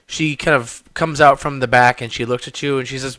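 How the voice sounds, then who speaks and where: A man's voice: medium pitch, steady tone, fairly quick, few pauses, a bit bright, no room sound. A man narrating a tabletop game as game master, describing scenes with many ums and uhs.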